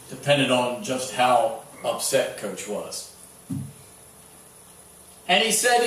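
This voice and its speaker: A man's voice: sits high, lively intonation, unhurried, fairly bright tone. A man, the pastor, preaching a sermon in a church and telling stories with a conversational, stop-and-start delivery. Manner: storytelling with sports anecdotes, many restarts. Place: church sanctuary. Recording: echoey church hall, mic at a distance.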